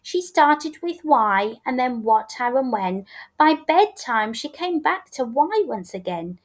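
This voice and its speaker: A woman teacher reading a rhyming picture book aloud with a rhythmic, expressive delivery. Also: on the high side. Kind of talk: storybook read-aloud.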